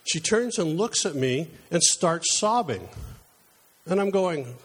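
A middle-aged man delivers a conversational sermon, slipping into personal stories with a chatty, self-deprecating manner. His voice sits a little higher than most men's, and he talks like he's chatting across a table rather than preaching from a pulpit. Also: lively intonation, takes it slowly, slightly rough.

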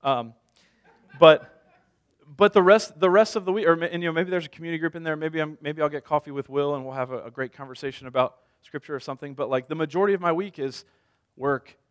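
A man's voice: on the high side, quick pace, clear, resonant tone. A man in his thirties preaching a sermon as a pastor, conversational, telling stories with self-deprecating humor.

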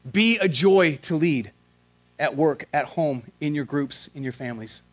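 A man preaching with a slightly high voice, mixing casual slang into his sermon. He swings from loud, emphatic questions down to quiet, earnest prayer. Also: lively intonation, measured pace. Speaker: pastor.

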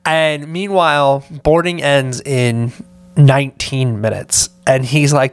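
Man, podcast host, exhausted, rambling, filler-heavy, dry close sound, mid pitch. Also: a little slow, clear, resonant tone, no room sound. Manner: rambling, many "like" and "right?" fillers. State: tired, mentally drained. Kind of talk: casual solo podcast monologue.

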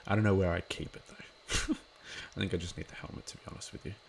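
A man's voice: low-pitched, fairly even intonation, fairly quick, vocal fry, a little hiss or hum. A man giving a casual watch-along commentary of an episode, chatty and rambling with lots of filler words.

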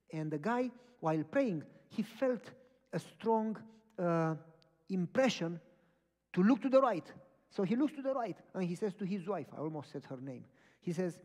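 A man's voice: sits high, normal speed. A man, a pastor, preaching a sermon with personal stories, acting out the dialogue as he tells them. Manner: animated storytelling, acting out dialogue. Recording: long reverb of a large hall.

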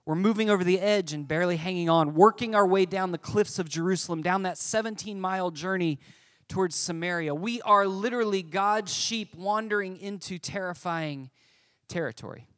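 A male pastor preaching a sermon to a congregation in an animated, emphatic way. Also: sits high, normal speed.

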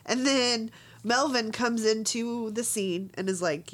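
A woman's voice: a little high, slow pace, a little hiss or hum. Brief: woman podcast co-host, giggly, recaps scenes and acts out lines. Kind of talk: casual movie recap chat.

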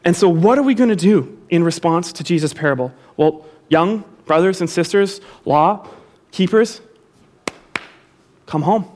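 A man's voice: high-pitched, lively intonation, a little slow, a little mellow. A pastor preaching a sermon to his congregation, repeating key phrases for emphasis and calling the listeners to say them back with him.

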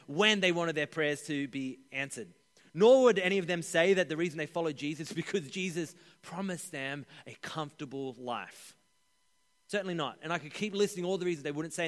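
A man preaching a sermon as pastor, with an animated delivery that rises for emphasis and drops to a hush on key points. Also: high voice. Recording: echoey hall.

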